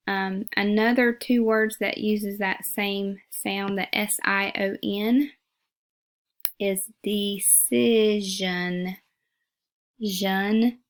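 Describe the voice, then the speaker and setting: A woman's voice: mid-range voice, creaky. A woman teacher giving a phonics lesson, patiently repeating words and sounding them out syllable by syllable.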